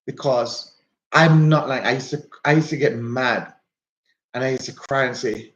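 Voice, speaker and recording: A chatty man with a Jamaican accent talks to his livestream viewers, repeating phrases and greeting people by name. His voice sits at a middle pitch. The phone recording sounds slightly dull and lo-fi. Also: moderate pace. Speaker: livestream host. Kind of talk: casual livestream chat. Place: walking outdoors.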